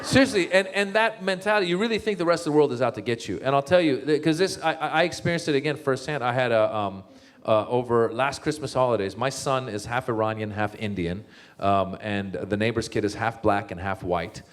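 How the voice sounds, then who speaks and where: Male comedian-author, animated storyteller, live comic talk. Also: medium pitch, brisk. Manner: animated storyteller, many restarts.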